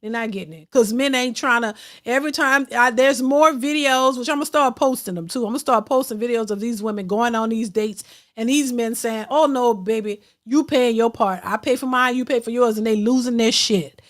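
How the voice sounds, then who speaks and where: A woman with a high voice and speech hosts a casual livestream. She talks bluntly and animatedly in slang, laughing often as she reads super chats. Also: moderate pace.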